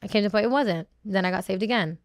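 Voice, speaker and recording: A woman's voice: mid-range voice, fast talker, no echo, clean studio sound. A woman, a reality show contestant, talking candidly in a podcast interview, emotional and rambling with many fillers and restarts.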